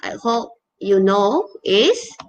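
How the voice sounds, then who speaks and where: A woman's voice: medium pitch, big pitch swings, slow, dull audio. A woman teaching an online English revision lesson, explaining patiently and checking in often with "okay?" and "all right?".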